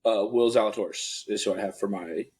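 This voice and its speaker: A man with a husky, slightly raspy voice chatting on a sports podcast. He sits a bit low in pitch and keeps an easygoing, unhurried manner as he talks over his picks. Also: a little mellow. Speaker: podcast co-host. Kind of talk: casual sports chat.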